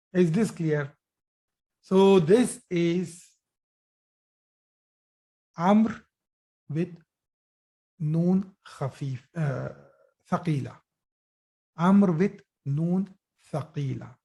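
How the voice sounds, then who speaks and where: Slow, patient male Arabic teacher. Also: on the high side, warm tone. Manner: slow, patient, praising students often. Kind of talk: live online lesson.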